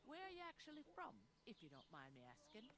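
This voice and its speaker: A woman's voice: mid-range voice, wildly swooping pitch, quick pace, crowd noise. A woman voicing a blunt, bossy village innkeeper in a video game. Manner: bossy, plain-spoken, folksy.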